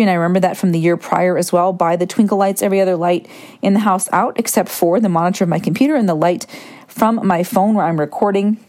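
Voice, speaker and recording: A woman hosting a reflective solo podcast, talking in a gentle, musing way and wandering into asides. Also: medium pitch. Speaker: podcast host.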